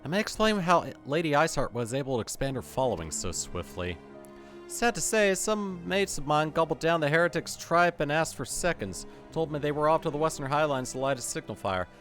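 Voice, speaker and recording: A man voicing a low-born male soldier in a video game, talking in a folksy, rough way with dropped grammar. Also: lively intonation, brisk, fairly bright tone, faint music behind. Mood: chatty.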